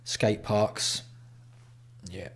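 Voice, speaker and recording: Drawing out his words in a slightly bright voice, a man from England chats casually on his livestream. He's blunt and sweary and trades banter with his chat.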